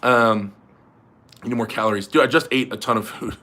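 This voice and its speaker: Chatty man with a bright voice. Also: mid-range voice, fairly even intonation, a little fast. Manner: rambling, chatty, laughs often. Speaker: livestream host. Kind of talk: casual livestream chat.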